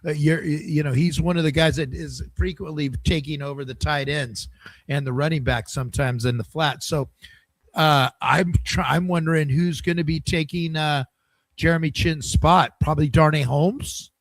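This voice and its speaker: Man, slightly high voice, dry close sound, casual rambling fan talk. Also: steady tone, normal speed, no echo. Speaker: football fan channel host.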